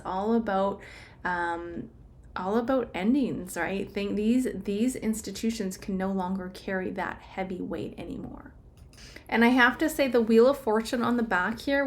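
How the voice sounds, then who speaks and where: A woman of medium pitch talks through a tarot spread in a loose, conversational way, with plenty of filler words. She speaks directly to her viewers as she turns over the cards. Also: slight background noise. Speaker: tarot reader. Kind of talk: casual tarot reading to camera.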